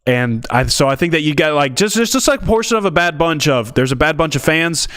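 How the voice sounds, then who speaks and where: A man co-hosting a football podcast, speaking casually and haltingly. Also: on the high side, lively intonation, a bit bright, no room sound, studio quality. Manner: hesitant, halting. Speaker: podcast co-host. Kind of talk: casual sports talk.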